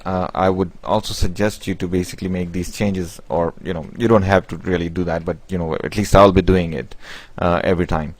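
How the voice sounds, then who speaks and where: A man's voice: sits low, fairly even intonation, low-quality recording. A man teaching programming in a screen-recorded tutorial, explaining step by step with many fillers and restarts. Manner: halting, with many "basically" and "you know" fillers and restarts. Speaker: programming instructor.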